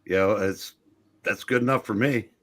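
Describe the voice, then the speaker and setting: A man's voice: lowish voice, moderate pace, fairly bright tone. A man in a casual chat, making dry jokes.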